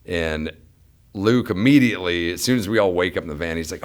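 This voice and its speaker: Low-voiced man telling a rowdy story. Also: fairly quick. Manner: animated, profane, acts out quoted voices. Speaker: bandleader and musician. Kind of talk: casual storytelling among friends.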